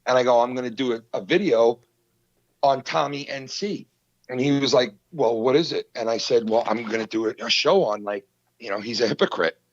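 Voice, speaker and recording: A man, hosting a podcast and retelling a feud in a heated, profane, animated way. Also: medium pitch, brisk, no room sound, lo-fi sound. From New York. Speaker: podcast host. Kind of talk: casual podcast storytelling.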